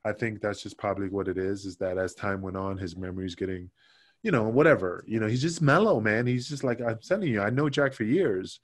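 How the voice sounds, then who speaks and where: A man's voice: fairly low pitch, a little fast. A man who is a former wrestler and a podcast guest. He tells stories in a casual interview, swears freely and acts out what other people said.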